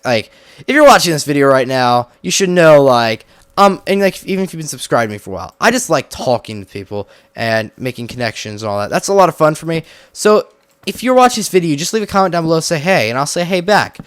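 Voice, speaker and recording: Male gaming host, slightly high voice, rambling casual commentary, dry close sound. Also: big pitch swings, a little fast, clear, resonant tone, no echo. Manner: rambling, chatty, heavy use of "like".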